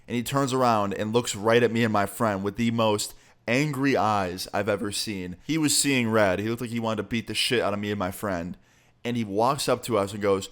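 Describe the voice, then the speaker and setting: A man's voice: fairly low pitch, a little fast. A man telling a story casually as a vlogger, swearing freely in a laid-back way.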